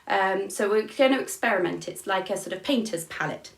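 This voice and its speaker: A woman's voice: medium pitch, animated, brisk, vocal fry. Woman teaching music in an echoey room. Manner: encouraging, counts beats aloud. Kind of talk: online music lesson for young children. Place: at home, room with instrument. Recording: echoey room, mic at a distance, noisy.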